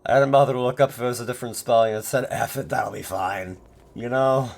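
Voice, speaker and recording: A man's voice: mid-range voice, steady tone, quick pace, vocal fry, slight background noise. A man streaming gameplay, chatting in a sarcastic, joking way with rambling asides. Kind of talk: live gameplay commentary. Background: game music.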